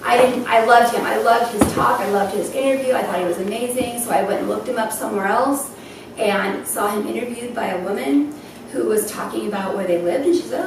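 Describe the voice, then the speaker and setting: A woman shares her story at a gathering, her voice a touch high and heard from a distance. The room is very echoey, with clear noise underneath. She gets emotional and laughs through tears as she talks. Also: fairly quick. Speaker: speaker at a health event. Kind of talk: personal testimony talk. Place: event hall.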